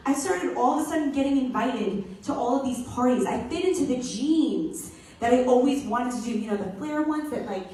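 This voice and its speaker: Animated New woman in a roomy hall. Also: high-pitched, moderate pace, slight background noise. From New York. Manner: animated, acts out quotes in voices, laughs often. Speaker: speaker giving a personal talk. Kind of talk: storytelling talk to an audience. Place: event hall. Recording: roomy hall sound, mic at a distance.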